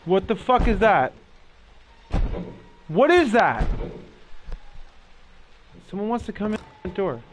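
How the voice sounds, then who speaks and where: Speaking slowly with long pauses, a young male video host in a high, sing-song voice narrates his frightened run through a horror game. He curses, jumps at scares and addresses viewers directly. Slight background noise is audible.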